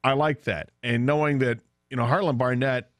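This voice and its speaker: A man's voice: medium pitch, steady tone, normal speed, no room sound, clean studio sound. A man co-hosting a sports radio show, chatting casually and telling a story with laughs.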